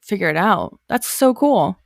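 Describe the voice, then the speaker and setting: A woman co-hosting a relaxed podcast, her pitch moving up and down a lot as she talks. She chats easily and laughs often, filling her talk with likes and other fillers. The sound is dry and close to the mic. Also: a little slow, vocal fry, dry recording. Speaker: podcast co-host. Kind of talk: casual podcast chat.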